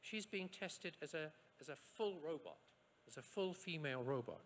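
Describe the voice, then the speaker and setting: Lively male lecturer in an echoey hall. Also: on the high side, moderate pace, a little hiss or hum. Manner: lively and rhetorical, with asides and short jokes. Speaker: scientist giving a lecture. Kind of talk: university lecture.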